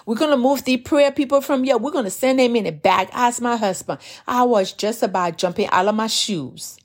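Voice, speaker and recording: A woman's voice: a little high, breathy edge. A woman preaching, sharing a personal testimony in an earnest way and sometimes repeating words as she gathers her thoughts. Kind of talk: sermon testimony.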